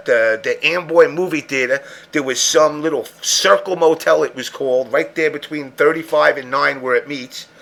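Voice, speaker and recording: Gravelly, bright-voiced man telling rambling stories. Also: a little high. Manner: profane, rambling storyteller. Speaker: podcast host. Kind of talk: casual chat.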